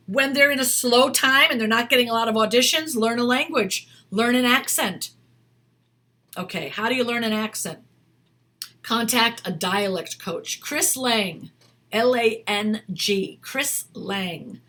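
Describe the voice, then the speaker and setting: A woman acting coach talks straight to her viewers in a casual advice video. Her voice is bright and forceful and sits a little high. She is chatty and emphatic and keeps repeating her points. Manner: chatty and emphatic, with many restarts and repetitions.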